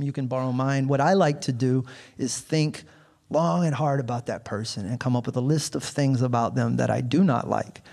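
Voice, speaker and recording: A man doing a stand-up comedy set, telling stories with acted-out quotes and sudden shouted punchlines. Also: medium pitch. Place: comedy club stage. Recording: live in a large reverberant venue.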